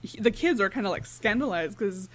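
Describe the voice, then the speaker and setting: A woman's voice: mid-range voice, animated, fairly quick. A woman co-hosting a podcast, retelling scenes animatedly with laughing asides. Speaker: podcast co-host. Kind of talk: casual chat.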